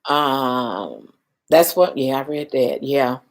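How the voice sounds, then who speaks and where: An older woman hosting a casual live stream, talking emotionally, reassuring viewers and reading their comments aloud, shaken and trying to calm down. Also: a bass voice, slow. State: shaken, calming down.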